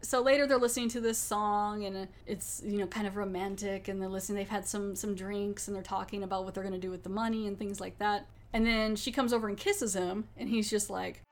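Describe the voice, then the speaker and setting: A woman's voice: medium pitch, steady tone, a little fast, hardly any pauses. A woman podcast host recapping a TV episode in casual chat, animatedly acting out the characters' lines and laughing often.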